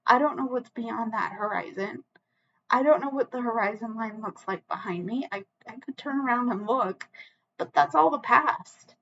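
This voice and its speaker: A woman's voice: fairly high pitch, moderate pace, creaky, fairly bright tone, dull audio, slight background noise. A woman giving a solo tarot reading to camera, earnest and emotional, close to tears, with frequent restarts and a reassuring "okay?". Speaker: tarot reader.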